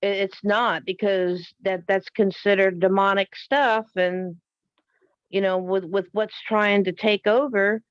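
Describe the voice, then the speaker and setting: A woman on a panel speaking earnestly in halting phrases full of fillers. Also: medium pitch, steady tone, no room sound. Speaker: panel guest. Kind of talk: casual chat. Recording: dull lo-fi audio.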